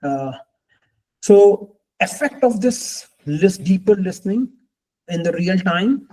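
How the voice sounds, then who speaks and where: A man's voice: sits high, expressive, slow pace, mellow, rough recording. A man, talking to a group as a life coach in a reflective, earnest way, often repeating phrases for emphasis. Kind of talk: group coaching call talk.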